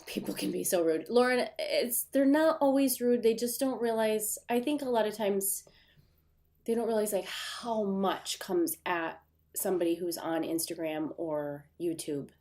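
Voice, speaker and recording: A woman's voice: medium pitch, a little slow, mellow. A woman with a Midwestern accent and a nasal, stuffy voice, chatting casually with viewers as host of her livestream from her desk at home. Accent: Midwestern American. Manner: chatty, rambling with fillers. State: stuffy runny nose.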